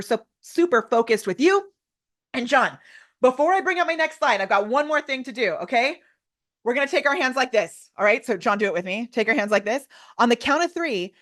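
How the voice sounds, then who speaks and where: A woman in her thirties leads a live online workshop over a video call, her voice sitting slightly high for a woman. She talks with theatrical, over-the-top enthusiasm, like a former stage performer. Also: a bit bright. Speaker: workshop presenter. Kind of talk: live webinar teaching.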